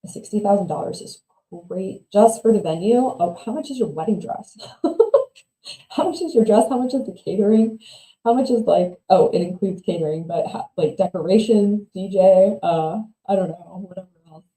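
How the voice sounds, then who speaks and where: Chatty woman reacting to stories, dark voice. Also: mid-range voice, moderate pace, roomy sound, rough recording. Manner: chatty, opinionated, laughs often, trails off into mumbles. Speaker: streamer reading and reacting to online stories. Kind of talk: casual livestream commentary.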